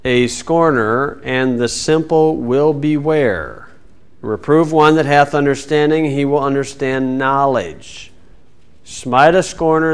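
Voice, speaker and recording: A man teaching the Bible in a folksy sermon style, with sarcastic asides and mocking voices. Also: medium pitch.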